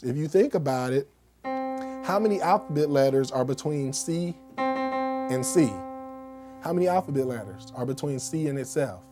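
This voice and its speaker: A man teaches music theory in a relaxed, chatty way, regularly pausing to check in with his students. His voice is mellow and warm. A faint trace of music sits behind him. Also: medium pitch. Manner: conversational, keeps checking in with "okay?" and "right?"; demonstrates on a keyboard while explaining. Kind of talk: casual music lesson.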